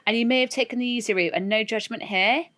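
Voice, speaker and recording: A woman's voice: on the high side, quick pace, fairly bright tone. A British woman co-hosting a podcast, chatting casually in a reassuring, understanding way. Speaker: podcast co-host. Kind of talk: casual chat.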